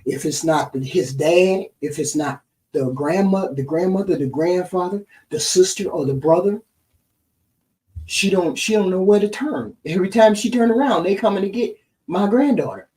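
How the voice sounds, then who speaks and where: A middle-aged woman co-hosting a podcast, retelling a family story in a casual, animated way and often asking "right?". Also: on the low side, moderate pace, recorded from a distance, low-quality recording. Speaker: podcast co-host.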